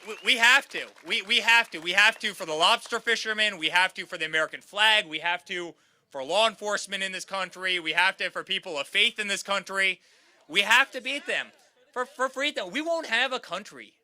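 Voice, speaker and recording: Guy in his 30s firing up a rally crowd, high bright voice, keeps repeating himself. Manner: repetitive, rallying crowd, addresses them as guys. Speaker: campaign speaker. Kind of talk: campaign rally speech. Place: outdoor campaign rally.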